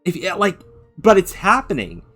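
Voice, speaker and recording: A man's voice: high-pitched, wildly swooping pitch, normal speed, fairly bright tone, faint music behind. A man hosting an angry reaction commentary, ranting with heavy profanity and mocking others in put-on voices. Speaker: commentary channel host.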